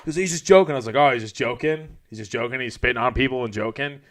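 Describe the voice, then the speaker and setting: A man's voice: mid-range voice, fast talker, a bit bright. Male podcast co-host, rambling casual storyteller, heavy on quotes. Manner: loose, rambling storytelling full of "like" and quoted speech.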